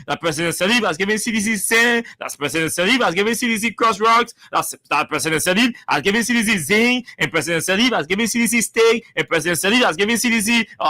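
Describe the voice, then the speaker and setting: A talk-radio host with a Liberian accent delivers commentary with heavy emphasis and lots of repetition. The voice sits at a middle pitch and sounds dry and close. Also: fairly bright tone, no room sound.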